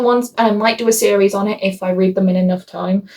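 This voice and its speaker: A woman's voice: medium pitch, fairly even intonation, a little fast, few pauses, darkish tone. A woman reviewing a book on her vlog in a chatty, rambling, self-mocking way, shifting her voice for quoted asides.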